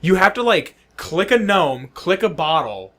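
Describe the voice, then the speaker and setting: A man's voice: high-pitched, a little slow. A man co-hosting a podcast who chats casually, retelling things with lots of swearing and acted-out reactions. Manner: animated, profane storytelling that acts out quoted reactions. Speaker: podcast co-host. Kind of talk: casual chat.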